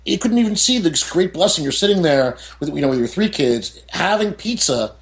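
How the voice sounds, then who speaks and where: Man, gravelly voice, middle-aged, interview guest, chatty asides. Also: on the high side, brisk. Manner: animated, many "you know" and "I mean" asides. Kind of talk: candid storytelling in an interview.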